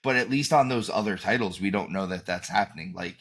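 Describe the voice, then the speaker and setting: Low-voiced laid-back podcast guy. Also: fast talker, few pauses. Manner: easygoing, thinks out loud with many "like"s. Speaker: podcast co-host. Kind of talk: casual chat.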